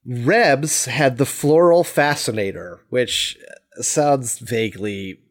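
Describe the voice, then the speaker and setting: A man co-hosting a casual chat podcast, wry and self-deprecating, often trailing off quietly. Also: mid-range voice, slow. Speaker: podcast co-host.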